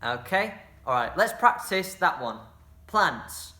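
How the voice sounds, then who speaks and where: A bright, forceful, sing-song voice in the mid range leads a children's drama session at a slow pace, calling out actions for a movement game and praising every attempt. The leader cheers the kids on and adds playful sound effects. The room produces a noticeable echo, and there's a little hiss or hum.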